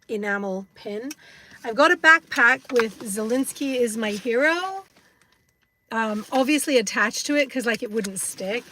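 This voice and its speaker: A woman's voice: fairly high pitch, bright, forceful tone, a little hiss or hum. A woman in her fifties with an English accent, chatting casually to viewers on a phone live stream from inside a parked car, rambling with many fillers. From United States. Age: 50s.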